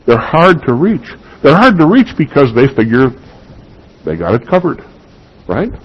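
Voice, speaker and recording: A man's voice: mid-range voice, huge pitch swings, unhurried, breathy edge, highs cut off. A man preaching a sermon, emphatic and given to repeating key phrases for weight.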